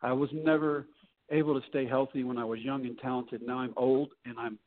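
A man's voice: medium pitch, level tone, fairly quick. A middle-aged man telling his story as a podcast guest in a folksy way, acting out the people he quotes. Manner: folksy, acts out quoted voices. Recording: tinny phone-like line.

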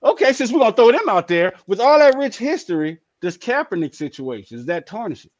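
Man, high lively voice, playful sports chat, dry slightly dull recording. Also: fairly quick, no room sound. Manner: animated, playful, jumps to high excited outbursts. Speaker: sports talk show co-host.

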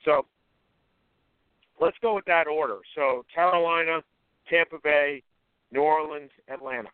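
Guy on sports radio, slightly high voice, sure of his picks, thin phone-line sound, dry. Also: unhurried, clear, resonant tone, no room sound. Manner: confident, rattles off predictions, corrects himself mid-sentence. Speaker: radio sports show co-host.

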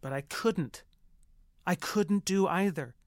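An actor playing a flustered, earnest showrunner who narrates an audio drama and stammers through restarts. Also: male voice, high-pitched, slow pace, dry recording, clean studio sound. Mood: wry. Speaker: TV show producer.

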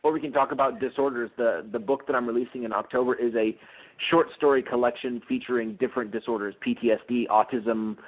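A man's voice: medium pitch, steady tone, quick pace. Eager male author on a phone line. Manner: enthusiastic, with frequent fillers and restarts. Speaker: guest author. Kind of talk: casual interview chat. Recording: tinny phone-line sound.

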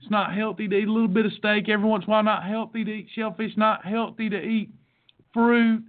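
A man's voice: high-pitched, level tone, quick pace. A man hosting a podcast, coaching listeners on a diet program in a fervent, repetitive, sermon-like way. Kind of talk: preachy motivational monologue. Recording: tinny phone-like sound.

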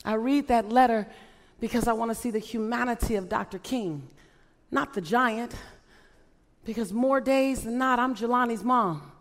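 A woman's voice: on the high side, moderate pace. Impassioned woman speaker in a big hall. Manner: impassioned, repeated rhetorical questions. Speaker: motivational speaker. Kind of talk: inspirational speech to a live audience. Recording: long reverb of a large hall.

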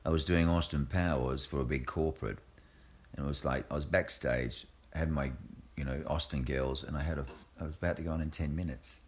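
A man's voice: extremely low pitch, fairly quick. A man from Australia, a guest entertainer telling stories in a casual interview, acting out voices as he goes. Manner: animated storyteller, acts out voices.

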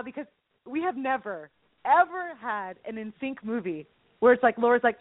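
This is a bubbly woman, chatting about faith with a co-host. Her voice sits high and sounds dry and close. It comes through a tinny, phone-like line. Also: fairly quick, dry recording. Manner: bubbly, breaks into laughter, acts out movie lines. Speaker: podcast co-host. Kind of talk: casual chat about faith.

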